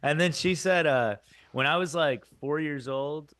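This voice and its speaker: A man's voice: on the high side, measured pace, a bit bright. Man rambling through a funny story. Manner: rambling storyteller who laughs at his own tales. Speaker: podcast co-host. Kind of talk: casual comedic chat.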